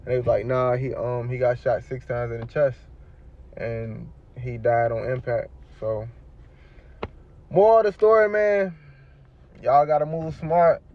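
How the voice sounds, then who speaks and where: A man's voice: mid-range voice, fairly even intonation, normal speed, highs cut off. A man telling his own story in casual street slang, rambling with many fillers.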